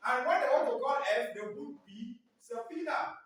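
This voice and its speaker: Heard from far off in an echoey classroom, a man with an extremely high, slightly bright voice lectures at a moderate pace. He runs a call-and-response lesson, repeatedly prompting pupils to fill in the ends of his sentences, with a little hiss or hum in the recording.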